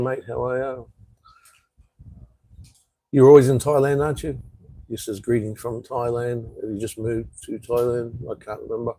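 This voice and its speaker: A man's voice: fairly low pitch, dark tone, poor audio. A man with an Australian accent, rambling in a laid-back way as he chats casually on a live stream from an outdoor patio. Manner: rambling, laid-back, reads out viewer comments. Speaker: vlogger.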